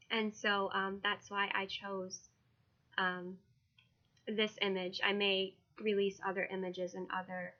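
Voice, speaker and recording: A woman who reads tarot and is launching her own card deck, talking casually, emotionally and haltingly, with many fillers. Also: mid-range voice, dull audio. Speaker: tarot reader and deck creator. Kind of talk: casual video walkthrough.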